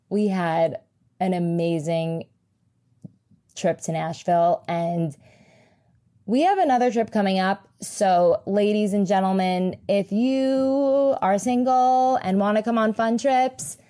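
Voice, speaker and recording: Slow-talking chatty woman podcast host. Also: medium pitch. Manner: chatty, animated, swears freely. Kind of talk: casual solo podcast storytelling.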